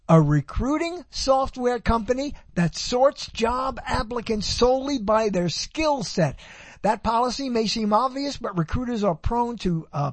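A male radio host with a high, husky voice talks into a handheld mic. He rambles, breaks off and corrects himself mid-sentence as he reads items aloud. The sound is dry and close. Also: no room sound. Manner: rambling, self-correcting, chatty asides. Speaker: radio talk show host. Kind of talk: casual radio talk, reading news items aloud. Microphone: handheld microphone.

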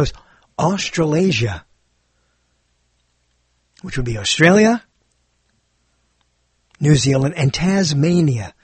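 A playful man meanders through a solo monologue on his own show, chuckling at his own asides. His voice is a bit husky and sits slightly high, with a lively, swinging pitch. It is recorded dry and close, with faint music underneath. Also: no echo. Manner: playful, meandering, self-amused with frequent laughs. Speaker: podcast host.

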